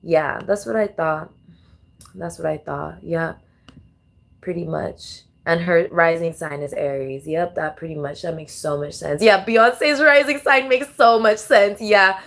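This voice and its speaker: A woman's voice: on the low side, a little slow, fairly bright tone. Woman giving profane casual commentary. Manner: casual, profane, thinking aloud with many restarts. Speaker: tarot and astrology vlogger. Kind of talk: casual commentary while playing songs.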